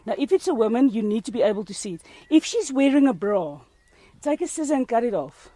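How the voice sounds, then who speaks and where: A woman's voice: a little high, sing-song, fast, mellow, no room sound. Woman, CPR instructor, playful, laughs a lot, teacherly questions. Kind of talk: hands-on first-aid class.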